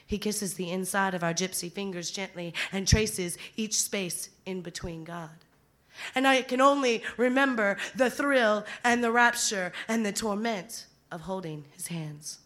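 A woman performing a solemn, hushed spoken-word poem at a live poetry venue on a stage microphone. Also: medium pitch. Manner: solemn and hushed, slow and grieving. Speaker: slam poet.

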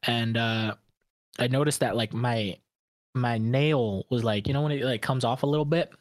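A young man telling a crude story in casual podcast chat, breaking into loud indignant outbursts. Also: medium pitch, steady tone, moderate pace, dry recording, studio quality. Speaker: podcast co-host.

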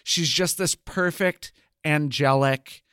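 A man co-hosting a podcast, casually recapping a TV show with wry, sarcastic asides and drawn-out emphasis. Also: a little high, fairly bright tone, clean tone, no room sound, clean studio sound. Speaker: podcast co-host. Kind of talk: casual chat reviewing a TV show.

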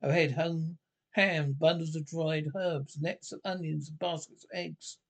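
A man reading a classic children's novel aloud, halting and correcting himself often. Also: a little high, fairly even intonation. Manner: halting, with frequent self-corrections. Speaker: narrator. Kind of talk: audiobook narration.

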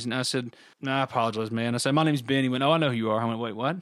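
A man's voice: mid-range voice, quick pace, dry recording, clean studio sound. A middle-aged man, co-hosting a casual sports talk show and telling stories with lots of laughter. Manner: animated storyteller, laughs often. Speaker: podcast co-host.

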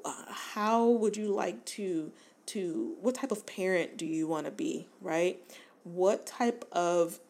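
A woman's voice: lowish voice, a little mellow. A woman in her forties hosting a self-help podcast, talking earnestly and encouragingly, with many fillers and restarts. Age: 40s. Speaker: podcast host.

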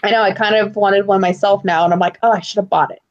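A young woman co-hosting a casual chat, telling stories with lively, acted-out quotes. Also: medium pitch, quick pace, muffled recording. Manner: animated storyteller who acts out loud quotes. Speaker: podcast co-host.

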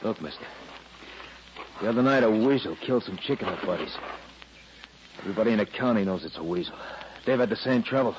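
A man playing a gruff, bullying husband. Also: fairly low pitch, animated, fast talker, pauses often, natural voice. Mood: sneering. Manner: gruff, barking orders. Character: bullying, hot-tempered rural husband. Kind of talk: 1940s radio acting. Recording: lo-fi old radio recording with noise.

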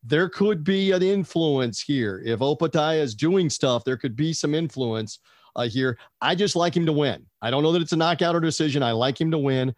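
A chatty man with a slightly raised pitch, rambling from point to point in a casual sports talk show. His voice sits close and dry, with no room sound around it. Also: normal speed, no echo. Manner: chatty, digressive, asks co-host questions. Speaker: podcast co-host. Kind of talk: casual boxing chat.

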